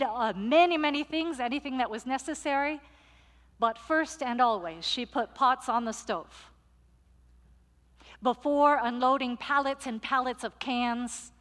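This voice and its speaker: Woman pastor, storytelling sermon, a touch high, playful, long hall reverb. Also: fairly bright tone.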